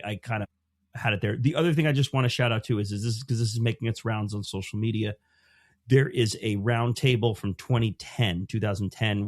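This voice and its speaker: A man's voice: fairly low pitch, no room sound, clean studio sound. A man as a podcast guest, telling stories in casual chat with many restarts and acting out the people he quotes. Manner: animated storytelling with many restarts; acts out quoted voices.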